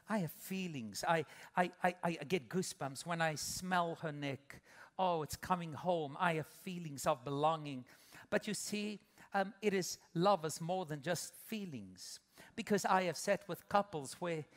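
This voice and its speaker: High-voiced preaching man, hall reverb. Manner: preaching, swings from loud emphatic peaks to soft intimate asides. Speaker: pastor. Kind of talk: sermon. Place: large church auditorium.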